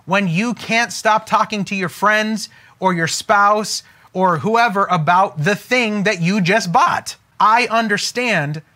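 A man giving an emphatic, preacher-like motivational talk as a business coach, slowing down to stress key phrases. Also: high voice, bright, forceful tone.

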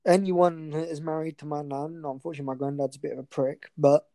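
Chatty male co-host, effusive tangent-prone rambler, warm tone, dry close mic. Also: on the high side, little pitch movement, fast, no echo, low-quality recording. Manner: rambling, effusive, easily sidetracked. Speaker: podcast co-host. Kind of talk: casual chat.

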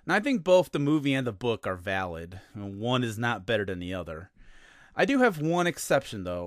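A man from the United States hosts his podcast in a chatty monologue, dropping sarcastic asides as he goes. His pitch rises and falls a lot. The sound is dry and close, with no room around it. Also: dry recording. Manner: sarcastic, lively storytelling with asides. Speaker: podcast host. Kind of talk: casual monologue.

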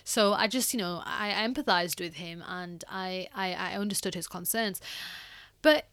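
A woman's voice: fairly low pitch, normal speed, a bit bright, no room sound. A young woman hosting a podcast, telling a personal story in a chatty way, full of "like" and "you know". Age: young adult. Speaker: podcast host.

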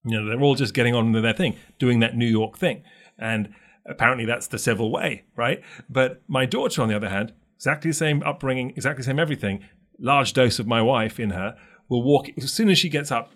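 This middle-aged co-host from London talks fairly quickly in a mid-range voice with a London accent. In casual chat he tells stories with energy, performing the voices of the people in them.

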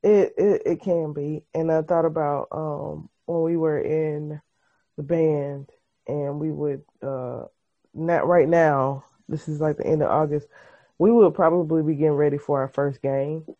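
A woman co-hosting a podcast in casual chat, expressive and storytelling. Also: sits low, measured pace. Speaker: podcast co-host. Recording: muffled video-call audio.

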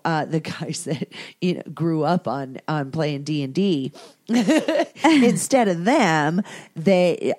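A woman's voice: sits low, a little mellow. A woman hosting a casual adult podcast, bubbly and laughing often, swearing freely. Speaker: podcast host.

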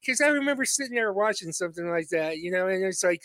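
A man's voice: high voice, animated, fast talker, a bit bright, no room sound. A man in casual podcast chat, joking and blunt, with some swearing. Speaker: podcast co-host.

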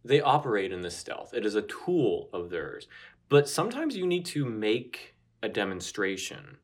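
A man's voice: on the low side, very animated, normal speed. A man co-hosting a casual chat, tossing out dry wisecracks and musing aloud. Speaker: podcast co-host.

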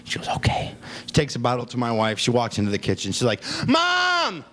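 A man's voice: mid-range voice, steady tone, very fast. A man doing a stand-up routine on a comedy club stage, often breaking up laughing at his own jokes. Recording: noisy live club recording.

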